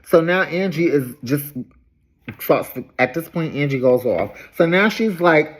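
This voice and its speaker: A woman casually recapping a reality show episode in an animated, gossipy storytelling manner. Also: low-pitched, a little slow.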